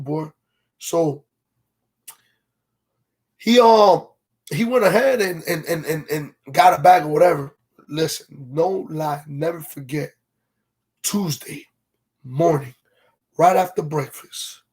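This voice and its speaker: A man spins a long, rambling story on a casual livestream. His voice sits high and sounds a little husky. He talks loosely in slang and keeps asking his audience whether they follow him. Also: darkish tone. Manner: greets viewers from live comments mid-story.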